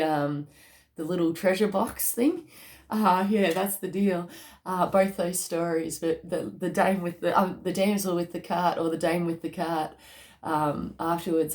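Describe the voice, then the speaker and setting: A woman doing a casual tarot card reading, chatty and excitable, with casual slang and bursts of laughter. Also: lowish voice.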